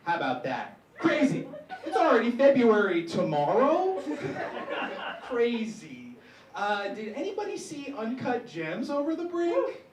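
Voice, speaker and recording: A young man works through a stand-up set slowly and awkwardly, with halting fillers and restarts. His pitch swings widely from line to line. He is picked up from a distance in an echoey, noisy room. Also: huge pitch swings. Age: young adult. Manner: awkward, hesitant, many fillers. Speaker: stand-up comedian. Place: stage at a small live comedy show.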